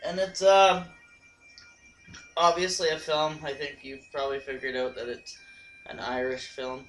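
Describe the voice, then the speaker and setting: A man's voice: medium pitch, flat delivery, measured pace, over music. A man co-hosting a casual movie review chat, laid-back and swearing freely. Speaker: co-host of a movie review show. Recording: distant mic, noisy home recording.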